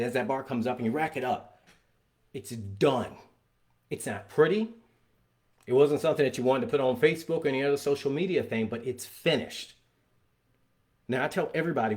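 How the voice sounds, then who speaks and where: A man, a father, giving an energetic and emphatic motivational talk about fitness and getting unstuck. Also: medium pitch. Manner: energetic, emphatic, acts out scenes in voices.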